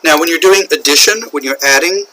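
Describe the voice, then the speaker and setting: A man with an American accent teaching English usage, explaining slowly and repeating key phrases, often checking in with "okay?". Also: a little high, pushed and bright, rough recording. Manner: slow, repetitive explaining with frequent "okay?" checks. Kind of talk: classroom lecture on English usage.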